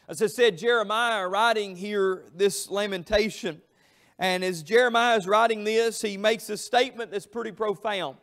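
A middle-aged man preaches in a church. His voice sits very high and carries a gravelly rasp. He tells his stories emphatically, stretching out key phrases. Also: a bit bright. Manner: storytelling, emphatic, drawn-out phrases. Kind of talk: Southern revival sermon. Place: church sanctuary.

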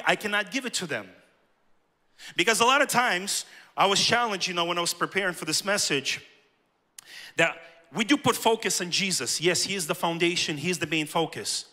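Male pastor, sermon storyteller, high voice, long hall reverb. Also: pushed and bright. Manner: personal storytelling, addresses the church directly. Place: church sanctuary.

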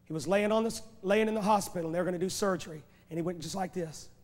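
High-pitched guy preaching a revival, hammering questions, big echoey church hall. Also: quick pace, darkish tone. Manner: impassioned, hammering rhetorical questions and repeated phrases. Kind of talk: revival sermon. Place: large church sanctuary.

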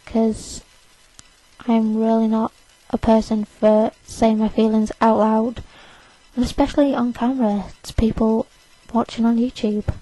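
A woman's voice: fairly high pitch, level tone, unhurried, warm tone, no room sound, rough recording. Overtired eighteen-year-old woman rambling defiantly. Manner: rambling, defiant and self-conscious. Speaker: vlogger. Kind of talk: casual to-camera rant.

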